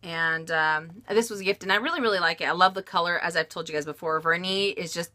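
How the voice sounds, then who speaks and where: Chatty lady vlogger doing q&a, frank, laughs a lot, bright voice. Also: fairly low pitch, fast talker. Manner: chatty, frank, laughs often, many fillers. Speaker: luxury handbag vlogger. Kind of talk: casual Q&A vlog chat.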